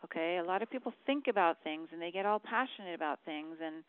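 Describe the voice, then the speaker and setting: A woman's voice: on the low side, lively intonation, quick pace, phone-quality sound, slight background noise. A woman giving a numerology forecast to her viewers, earnest and emphatic, repeating key words for stress. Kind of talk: monthly forecast talk to viewers.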